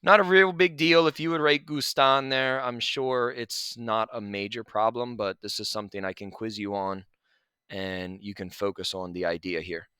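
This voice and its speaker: A man teaching a grammar lesson over slides, relaxed and chatty, with asides to his students. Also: lowish voice, moderate pace, clear, resonant tone, dry recording. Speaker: Spanish teacher.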